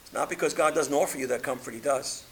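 A man preaching a sermon, reading scripture aloud and swinging between loud emphatic peaks and quiet low passages. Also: fast, a little hiss or hum. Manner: reads scripture aloud in King James wording.

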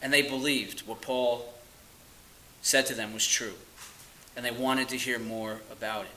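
A man preaching a sermon, earnest and emphatic, stressing key phrases slowly and dropping to quiet asides. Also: mid-range voice, fairly even intonation, roomy sound, a little hiss or hum, rough recording.

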